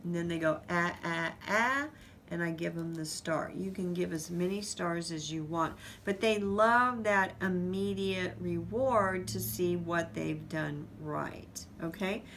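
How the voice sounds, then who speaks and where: A woman teaching parents how to guide children in writing their sounds, explaining each step slowly and patiently. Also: lowish voice, fairly bright tone, slight background noise. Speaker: reading teacher. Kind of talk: instructional demonstration.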